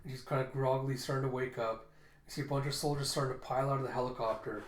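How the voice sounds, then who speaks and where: A man casually narrates a comic book, describing panel after panel and dropping fillers as he goes. His pitch sits at a middling level. The recording has a roomy echo. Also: fairly even intonation, racing. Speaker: comic readthrough host.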